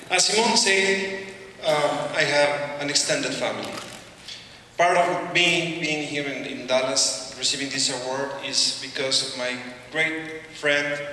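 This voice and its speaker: A middle-aged man with a Mexican Spanish accent speaks at a podium. His voice is bright and forceful, and he talks haltingly with joking asides. He is heard from some distance in a large, echoing hall. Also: mid-range voice, slight background noise. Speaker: award recipient giving an acceptance speech. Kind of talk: informal acceptance speech. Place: large hall at an awards ceremony. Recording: echoey hall, voice from far off.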